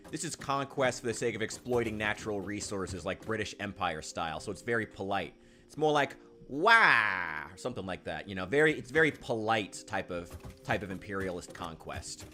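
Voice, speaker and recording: A man casually commenting while playing a game, rambling and sarcastic, now and then yelling in panic. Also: fairly low pitch, lively intonation, fairly quick. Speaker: gaming channel host. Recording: game music loud behind.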